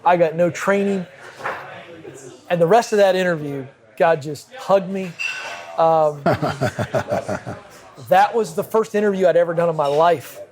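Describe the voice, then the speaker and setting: A man, a podcast guest, telling a vivid personal anecdote in brisk conversational style at a cigar lounge. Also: a little high, animated, darkish tone. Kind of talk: animated storytelling in conversation. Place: cigar lounge with a group present.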